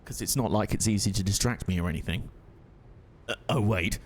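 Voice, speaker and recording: A man's voice: lowish voice, fairly quick, a little hiss or hum. A young man casually commentating his own gameplay on a stream, chatty and self-mocking, laughing often.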